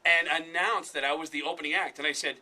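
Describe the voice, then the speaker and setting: A man, a comedian, telling an animated story on a radio show, acting out the voices. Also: a little high. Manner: animated, fast, acts out voices. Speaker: guest comedian. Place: radio studio.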